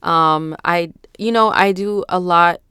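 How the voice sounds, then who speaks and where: A woman astrologer talks straight to the camera first thing in the morning, just out of bed. Her voice sits very low yet stays unusually clean and resonant. She chats in a loose, rambling way with street slang, and the sound is dry and close with no room around it. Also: slow, sharp tone, clear, resonant tone, dry recording. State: just woken up. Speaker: astrologer and channel host. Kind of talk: casual unscripted vlog talk.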